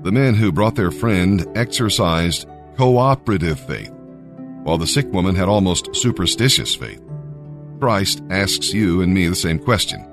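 A man's voice: low-pitched, animated, a little slow, music in the background. A man reading scripture aloud and giving a devotional talk, with conversational asides. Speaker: Bible reader and devotional speaker.

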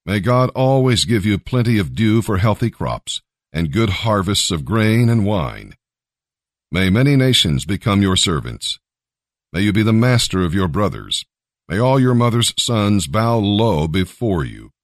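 A man reading the part of an elderly father and patriarch in a grave, measured way. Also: fairly low pitch, sing-song, no echo, studio quality. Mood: solemn.

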